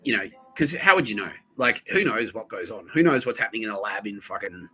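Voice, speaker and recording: A man's voice: fairly low pitch, lively intonation, brisk, pushed and bright, breathy edge, rough recording. A man hosting a podcast, telling a rambling personal story full of swearing, fillers and nervous laughs. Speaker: podcast host.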